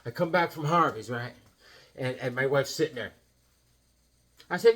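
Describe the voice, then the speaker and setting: A man's voice: mid-range voice, moderate pace, long pauses, fairly bright tone, husky. A tired man hosting a comic collecting channel from his home comic room, telling stories in a jokey, rambling way. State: tired from lack of sleep. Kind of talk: casual rambling storytelling.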